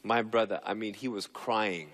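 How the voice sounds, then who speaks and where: A man's voice: on the low side, normal speed, a bit bright. A man giving a motivational talk on stage, telling a story animatedly and acting out the dialogue. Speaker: motivational speaker. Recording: reverberant hall.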